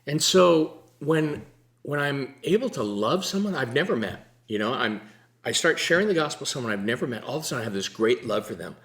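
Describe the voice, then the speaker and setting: An older man sharing a personal faith story in a relaxed, earnest conversation, sometimes laughing as he tells it. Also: mid-range voice, brisk. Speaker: guest sharing testimony. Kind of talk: conversational testimony.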